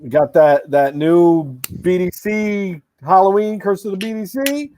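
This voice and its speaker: A man's voice: high voice, a little slow, warm tone, slight background noise. A man co-hosting a podcast, upbeat and laughing often as he introduces the segments. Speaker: podcast co-host. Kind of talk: casual chat.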